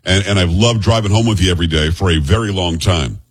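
A man's voice: low voice, fast talker, husky. A man hosting political talk radio, rambling and restarting his phrases.

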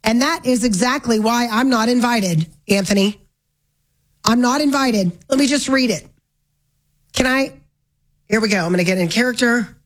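A woman hosting a talk radio show, her voice sitting a little high. She delivers an opinionated monologue laced with dry, sarcastic jabs. Her voice sounds slightly worn, strained by smoke. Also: moderate pace, long pauses, poor audio. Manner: sarcastic, wry asides.

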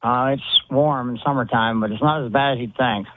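A man calling in to a radio show, relaxed and rambling with a few hesitations. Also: medium pitch, moderate pace, a little hiss or hum. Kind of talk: casual call-in chat. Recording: tinny phone line.

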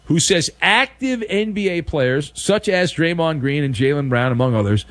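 Lively high-voiced sarcastic sports host. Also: male voice, no echo. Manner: sarcastic, animated, mocking. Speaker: sports talk show host. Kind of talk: sports talk commentary.

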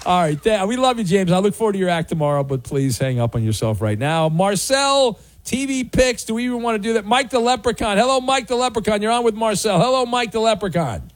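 A man's voice: high voice, animated, brisk, hardly any pauses, no room sound. Wisecracking sports radio host man, dry studio. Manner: wisecracking, chatty. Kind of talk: talk radio hosting. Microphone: studio microphone.

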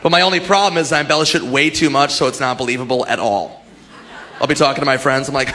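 A man's voice: medium pitch, fast, sharp tone. A man doing a stand-up comedy set, telling a story and mimicking his friends.

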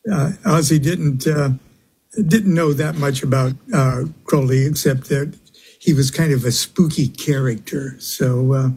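A man speaking as a guest on a radio interview, halting, with many fillers and small chuckles. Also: medium pitch, steady tone, creaky, a little mellow, husky.

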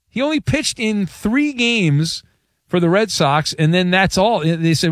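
A man hosting a sports call-in radio show, wisecracking and playful with callers and co-hosts, quick to mock outrage. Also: high voice, animated, fairly bright tone, no room sound, clean studio sound. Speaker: sports talk radio host. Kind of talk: call-in talk radio banter. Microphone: studio broadcast mic.

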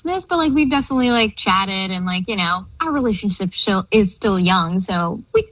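A woman's voice: medium pitch, lively intonation, normal speed, few pauses, a bit bright, no echo, dull audio. A young woman calling into a radio show, chatting casually and hesitantly, with many fillers. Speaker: caller. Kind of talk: casual phone-in chat.

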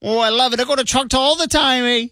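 A man's voice: extremely high pitch, quick pace, sharp tone, no echo, clean studio sound, pitched above the performer's own voice. A man voicing his jokey friend Jim, who talks in a wobbly, folksy northern accent and tacks on "eh" inside a radio ad. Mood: goofy.

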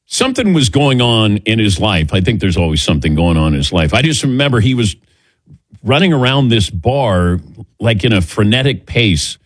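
A man's voice: medium pitch, no echo. A man hosting a morning sports talk show, joking with his crew and reading sponsor plugs in a casual studio chat. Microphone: studio mic.

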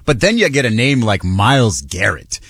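A man co-hosting a sports talk show, animated and acting out imagined voices as he argues. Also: fairly low pitch, moderate pace, husky, no echo, clean studio sound. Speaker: co-host.

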